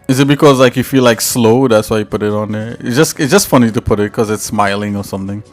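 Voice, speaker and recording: A man's voice: lowish voice, quick pace, faint music behind. An American man hosting a live stream, chatting with viewers in a rambling, filler-heavy way. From United States. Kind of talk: casual chat with stream viewers.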